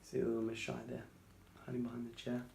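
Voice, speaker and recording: A man reading a children's picture book aloud, breaking off for chatty, gentle asides. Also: medium pitch, monotone, quick pace, vocal fry, a little hiss or hum. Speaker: storytime reader. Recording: roomy echo.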